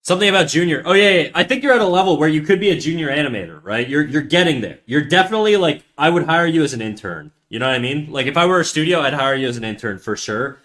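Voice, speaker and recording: A young man streaming live as he draws, chatting casually with his viewers and trailing off quietly while he concentrates. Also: on the high side, expressive, fast talker, hardly any pauses.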